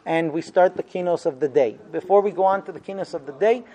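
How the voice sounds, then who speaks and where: A man's voice: a little high, fast, mellow. A man teaching a religious lesson in an earnest explaining way, acting out quoted laments with feeling.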